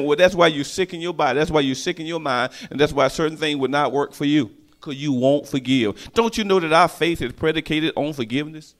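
A man preaching a sermon, calling out to the congregation and swinging from hushed asides to shouted lines. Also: a little high, normal speed.

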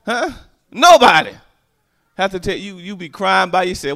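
Animated, high-voiced male preacher. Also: normal speed, creaky, long pauses. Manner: animated, call-and-response, storytelling. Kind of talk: sermon.

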